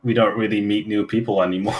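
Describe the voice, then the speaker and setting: A man's voice: on the low side, steady tone, fairly quick, low-quality recording. Hesitant young man. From Netherlands. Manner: hesitant, many fillers and restarts. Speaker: podcast co-host. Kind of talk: casual chat.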